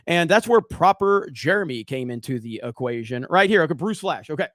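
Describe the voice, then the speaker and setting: A man's voice: a little high, animated, a little fast, hardly any pauses, a bit bright, no echo, clean studio sound. A man from Alabama with a Southern accent, hosting a livestream in casual, profane, rambling chat while reading super chats. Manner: profane, rambling, self-mocking. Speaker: livestream host.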